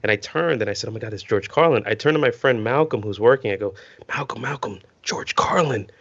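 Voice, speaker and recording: A low, gravelly man tells an eager personal story as a guest actor-comedian. The sound is dry and close, with the dull, lo-fi quality of a video call. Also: fairly quick, a bit bright, dry recording. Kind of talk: casual storytelling chat.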